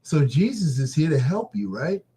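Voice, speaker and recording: A man's voice: fairly high pitch, big pitch swings, normal speed, dark tone, poor audio. A man hosting a casual live stream. He chats loosely with his viewers, laughs often and reads Bible passages aloud. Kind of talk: casual chat and Bible reading.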